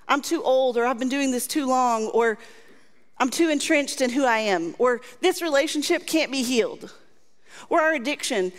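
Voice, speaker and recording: A woman pastor preaching a sermon, earnest and repetitive, mixing scripture reading with conversational asides. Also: a little high. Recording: long hall reverb.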